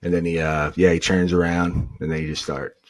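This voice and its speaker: A man's voice: sits low, brisk, a little hiss or hum. A young man from New England, a podcast guest, telling stories in a casual way and acting out what others said. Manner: animated, acts out quotes of others. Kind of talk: casual storytelling.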